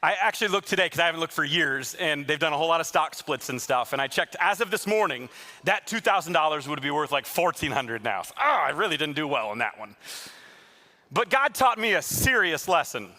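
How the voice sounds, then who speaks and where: A man preaching a sermon as a pastor to his live congregation in a church, telling stories in a lively way and teasing the listeners with jokes. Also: a little high, brisk. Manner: lively, joking storyteller who teases the congregation.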